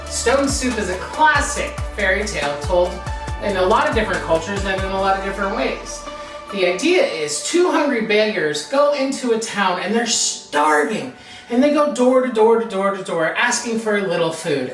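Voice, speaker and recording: A woman hosting a children's program, reading a story and leading a cooking demo in a playful, sing-song way that speaks straight to the kids. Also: mid-range voice. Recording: roomy, distant mic with music behind.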